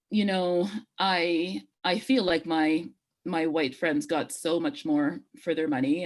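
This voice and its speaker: A woman with a slightly low voice speaks as a guest in a talk series. She talks earnestly and with emphasis, repeating key phrases and restarting her sentences as she builds a point. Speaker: guest speaker on theatre education.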